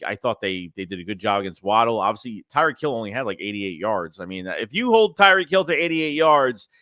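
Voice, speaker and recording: A man with a stuffy nose hosting a casual sports livestream, rambling and animated as he reads chat messages aloud. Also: mid-range voice, no echo, studio quality. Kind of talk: casual live-chat commentary.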